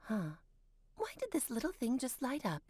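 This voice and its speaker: A woman's voice: fairly high pitch, wildly swooping pitch, moderate pace, darkish tone. A woman voicing a playful, grand witch and mother in a dubbed video game. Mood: amused.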